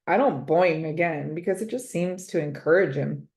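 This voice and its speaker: A woman reading a children's storybook aloud, expressive and drawing out words for effect. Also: low-pitched, moderate pace. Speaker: storybook reader.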